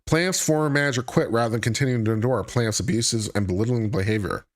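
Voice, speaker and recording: On a live stream, a man who does legal commentary reads a court filing aloud, then breaks off for dry, sarcastic asides. His voice is mid-range and his pace quick.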